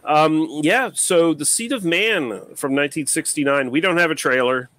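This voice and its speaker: A man's voice: a little high, normal speed, music in the background. A man co-hosting a movie podcast in casual chat, loose and rambling, with many fillers and trailing remarks. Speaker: podcast co-host.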